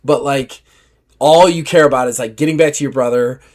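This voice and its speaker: A man's voice: mid-range voice, brisk. A man narrating as game master of a tabletop game, telling the action vividly and in a loose way, with many fillers. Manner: vivid, animated storytelling with filler "like".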